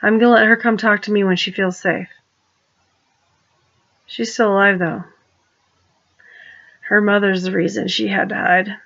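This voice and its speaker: A woman talks straight to the camera in a rambling personal monologue, often restarting her sentences. She turns pointed and accusing as she goes. Her voice sits at a middle pitch, and the recording is dull and lo-fi. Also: flat delivery, a little slow, gravelly, pauses often, fairly bright tone. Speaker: vlogger.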